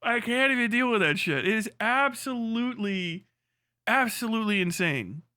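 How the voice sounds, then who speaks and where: Excitable, high-voiced male streamer. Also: clean tone, no echo. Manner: animated, profane, quick to laugh, mimics voices. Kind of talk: casual livestream rant.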